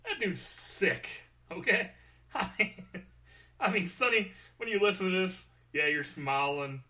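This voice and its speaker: A man hosting a show speaks in a high-pitched, pushed and bright voice with lively intonation and a measured pace. His personal monologue is candid and full of self-deprecating jokes about his feelings, and he's close to tears throughout, in his role as a podcast host.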